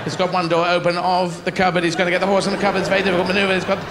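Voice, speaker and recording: A man's voice: high voice, completely flat delivery, racing, reverberant, lightly acted. A British man playing a sports commentator, calling an equestrian event in mock-serious play-by-play. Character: hushed male horse-event sports commentator. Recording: live stage recording with crowd noise.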